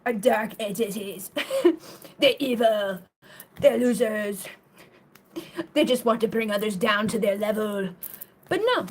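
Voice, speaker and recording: On a live tarot stream, a woman chats loosely, wandering between thoughts, swearing freely, and breaking into laughter and goofy, silly word riffs. Her voice is a little mellow and sits slightly higher than most women's.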